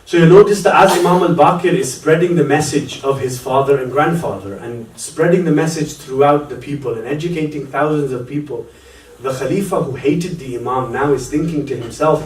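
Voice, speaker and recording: A man's voice: on the high side, fairly quick, slight background noise. A man preaching a Muharram sermon, telling a story with mounting passion that swells into lament. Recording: echoey hall, voice from a distance.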